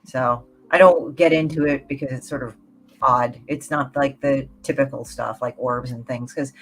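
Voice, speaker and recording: A guest on a podcast panel chatting casually and recounting stories in an animated way. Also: medium pitch, moderate pace.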